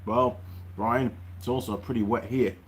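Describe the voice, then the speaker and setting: A man's voice: mid-range voice, steady tone, measured pace. A man hosting a casual livestream from his workshop. He chats, reads out viewer comments and grumbles. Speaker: host.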